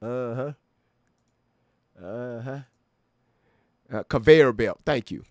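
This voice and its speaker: Slow, gravelly man reacting casually. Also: mid-range voice, a little mellow, no room sound, clean studio sound. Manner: laid-back, rambling, laughing often. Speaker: reaction video host.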